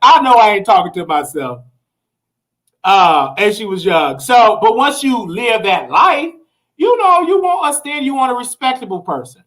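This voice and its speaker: A man's voice: high-pitched, sing-song, normal speed, fairly bright tone, poor audio. Sassy male gossip-show host. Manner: sassy, slangy and blunt, with dramatic asides to the chat. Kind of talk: livestream gossip commentary.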